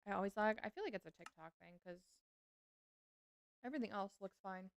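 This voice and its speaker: A woman's voice: medium pitch, animated, a little fast, smooth. A woman streamer chatting casually with her chat while playing a game. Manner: chatty, answering chat as she plays.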